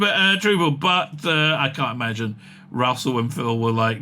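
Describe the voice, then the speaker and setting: A man giving casual comic commentary on an interview, excitable and rambling, with many fillers and laughs. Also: fairly high pitch, moderate pace.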